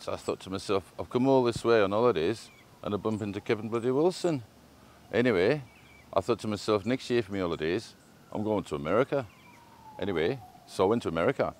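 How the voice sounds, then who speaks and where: Australian man, slightly low voice, relaxed slangy monologue with ums, laid-back delivery. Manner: casual and chatty, with slang and hesitant fillers. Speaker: performer. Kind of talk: spoken monologue.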